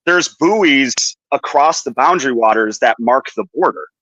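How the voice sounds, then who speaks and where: Bright-voiced Minnesotan man telling anecdotes. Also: medium pitch, expressive, normal speed, dry recording, highs cut off. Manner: rambling anecdotes with put-on voices. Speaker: podcast host. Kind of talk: casual chat.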